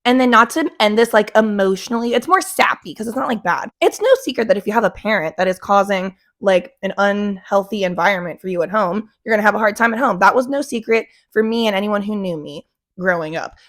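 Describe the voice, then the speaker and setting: A young woman talks in a loose, candid way on her home vlog, with a middle pitch and an easy flow. She peppers her speech with "like" and tosses in the odd casual swear. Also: a little fast, a bit bright. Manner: chatty, candid, swears casually, many "like" fillers. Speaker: cannabis vlogger. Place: at home with a dog in her lap.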